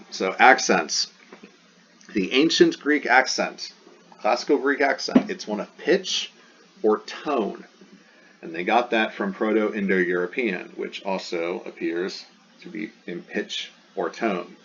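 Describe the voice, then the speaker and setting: A man's voice: lowish voice, takes it slowly, a bit bright, slight background noise. A man teaching a recorded lesson, explaining step by step and repeating sounds aloud. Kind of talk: recorded classroom lecture. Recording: dull lo-fi sound.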